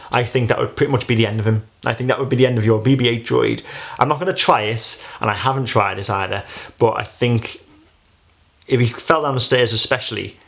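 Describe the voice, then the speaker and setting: A man's voice: medium pitch, vocal fry, fairly bright tone. A man giving a casual, rambling gadget review, chatty and full of filler phrases. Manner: rambling, chatty, many "you know"s.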